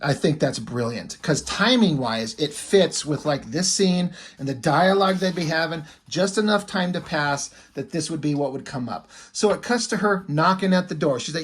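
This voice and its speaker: A man's voice: a little high, lively intonation, normal speed, hardly any pauses, breathy edge. A man casually recapping a comic book story in a rambling, filler-heavy way, swearing freely.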